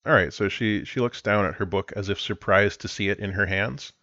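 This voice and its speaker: A man running a tabletop game as game master, explaining rules in a relaxed way with frequent restarts. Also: fairly low pitch, brisk, no room sound, lo-fi sound.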